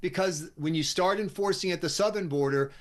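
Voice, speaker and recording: An American man appearing as a guest commentator on talk radio, speaking in a brisk, wry, opinionated way. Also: sits high. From United States.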